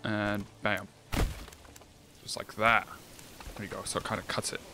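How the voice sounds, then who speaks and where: A man giving casual let's-play commentary, thinking aloud, swearing often and getting excited. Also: on the low side, unhurried. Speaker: gameplay streamer. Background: game music.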